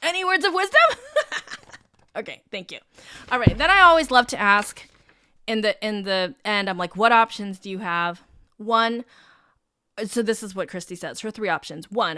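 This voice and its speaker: A woman's voice: pushed and bright, no echo. Woman podcast host, career coach, chatty, frank, swears casually, dry close sound. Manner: mimics listeners in quick high voices.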